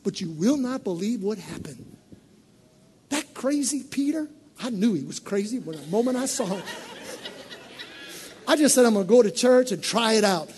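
Preacher acting out an excitable wounded servant. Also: male voice, sits high, normal speed, pauses often, slight background noise. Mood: confiding. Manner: excitable, rambling storyteller. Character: wounded male temple servant, talkative, aggrieved.

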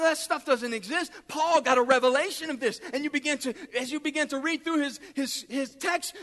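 A man preaching a sermon as pastor, impassioned and building to shouts, often repeating words as he pushes ahead. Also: very high voice. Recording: long reverb of a large hall.

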